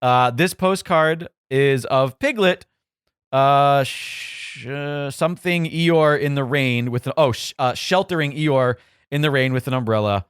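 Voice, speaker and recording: A male podcast co-host chatting casually in a small studio at an ordinary pitch. He rambles and hedges with plenty of ums and uhs. The sound is dry and close. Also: a little slow, a bit bright, smooth, no room sound. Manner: rambling, many fillers, reads listener mail aloud. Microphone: studio mic.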